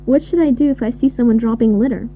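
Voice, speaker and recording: Warm-voiced woman asking questions. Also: fairly high pitch, fast talker, slight background noise. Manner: inquisitive. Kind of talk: scripted listening recording.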